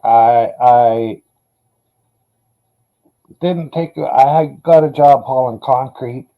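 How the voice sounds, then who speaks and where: A man's voice: mid-range voice, takes it slowly, narrow, tinny audio. A man in casual chat, telling dog stories in a laid-back, profane way.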